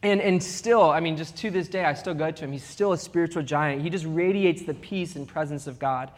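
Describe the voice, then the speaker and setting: High-voiced pastor preaching in a reverberant hall. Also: male voice, a little fast. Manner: animated storytelling with humor. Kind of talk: sermon. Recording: long reverb of a big hall.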